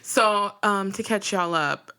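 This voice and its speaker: Woman podcast co-host, animated, bright forceful tone, casual chat. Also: mid-range voice, slow, smooth. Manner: animated, laughing, emphatic storytelling.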